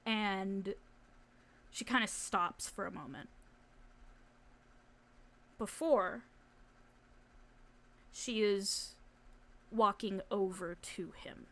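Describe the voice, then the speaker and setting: A woman narrating a tabletop game as game master, animated and casual with laughter and swearing. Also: medium pitch, very slow, pauses often.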